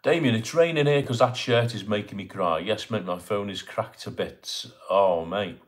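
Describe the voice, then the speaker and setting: A man's voice: on the low side, moderate pace. A middle-aged man hosting a casual live stream from home, chatting and greeting viewers by name as he reads their comments. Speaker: livestream host. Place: home in Bournemouth.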